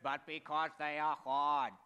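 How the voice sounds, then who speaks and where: A stately American president speaking from a podium, each word weighed and slow, as a preacher puts him on. The voice climbs higher and louder than a plain talking voice. The tone carries a different color from the speaker's own. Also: male voice, level tone, smooth. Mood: rousing. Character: impression of a male US president giving a speech.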